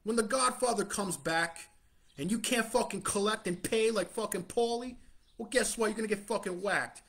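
A man's voice: sits high, normal speed, vocal fry, fairly bright tone. A man giving a profane street-style sermon in a swaggering mobster tough-guy way, blunt and scornful, with heavy swearing. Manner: scornful, blunt, chuckles between lines. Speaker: self-styled preacher.

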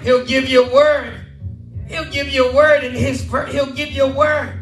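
A pastor preaching fervently, shouting and repeating phrases, calling out to his congregation for responses. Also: very high-pitched, level tone, normal speed. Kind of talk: shouted call-and-response sermon. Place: large church hall. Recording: echoey church hall, voice from a distance, music behind.

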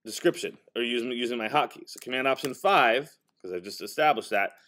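A male teacher casually demonstrating software to a high school class, talking as he types and correcting himself along the way. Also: lively intonation, fairly quick, slight background noise. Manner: casual, talks while typing, self-correcting.

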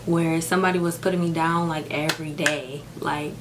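A woman's voice: sits low, steady tone, a little fast, noisy background. A young woman vlogging while doing her makeup at home. She talks frankly and tearfully, says "like" a lot and swears. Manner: frank, heavy use of "like" and swearing. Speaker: beauty vlogger. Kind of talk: casual get-ready-with-me chat. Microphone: camera microphone.

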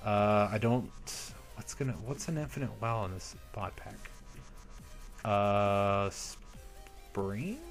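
A man's voice: fairly low pitch, slow. A young man hosting a let's play, chatting casually to viewers about what he is doing in the game. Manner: chatty, upbeat, talks to viewers while playing. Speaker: Minecraft let's play host. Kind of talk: casual gameplay commentary. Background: soft background music.

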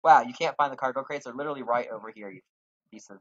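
Sarcastic gamer with a husky voice. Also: medium pitch, rapid-fire, dry recording, muffled recording. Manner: sarcastic, swearing, jokey. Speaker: let's play gamer. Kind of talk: casual game commentary.

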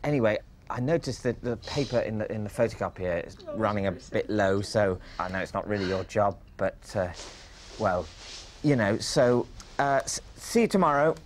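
An actor playing an anxious, awkward young office worker, who talks in hesitant stammers. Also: male voice, on the low side, expressive, moderate pace, close to an everyday voice. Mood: flustered. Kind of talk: sitcom acting.

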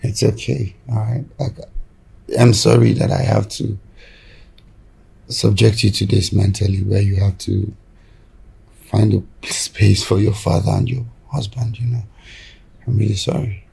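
An actor playing a broke, apologetic young husband with a Nigerian accent, who speaks softly. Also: male voice, on the low side, steady tone, measured pace, vocal fry, long pauses, slightly rough, heavily acted. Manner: soft-spoken, apologetic. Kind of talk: film drama acting.

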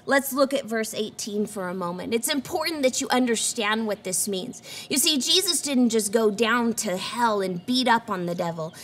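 A woman's voice: a little high, lively intonation, normal speed, few pauses, fairly bright tone, a little hiss or hum. A woman pastor giving an earnest sermon and reading scripture aloud. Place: church.

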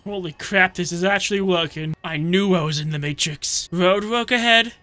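A man giving comedic, profane commentary while playing a video game, often bursting into yells. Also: sits high, normal speed, dry recording. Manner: joking, swearing, sudden yelling outbursts. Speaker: gameplay commentator. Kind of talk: comedic let's-play commentary.

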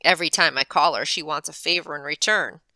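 A woman voicing a laid-back, blunt young man who drops gruff, offhand lines in a storybook reading. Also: low-pitched, brisk, sharp tone, dry recording.

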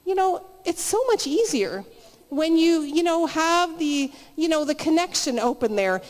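A woman with a sing-song, high-pitched voice speaks at a measured pace as a guest at a live church meeting. Her sermon is chatty and story-driven with frequent restarts, and the hall's reverb carries her words.

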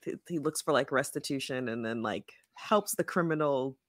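A woman's voice: very deep voice, moderate pace, no room sound, studio quality. A woman co-hosting a casual book club podcast, chatty and opinionated with lots of fillers. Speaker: podcast co-host.

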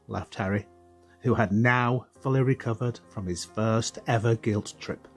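Husky man, steady audiobook narration, faint music behind. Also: on the low side, a little slow. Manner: steady, storytelling. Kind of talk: scripted narration.

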